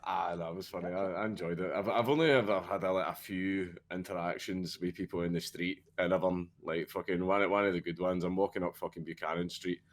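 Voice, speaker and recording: A man's voice: low voice, fairly even intonation, brisk, hardly any pauses. A man with a Scottish accent telling stories in a casual podcast chat, swearing a lot and laughing often. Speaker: podcast guest.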